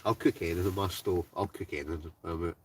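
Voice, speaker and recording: A deep, darkish, slightly rough male voice with a steady tone moves quickly as he reads viewer names on his livestream. He's from Ayrshire, Scotland, chatting and laughing in a heated tent in the snow, recorded on a distant mic.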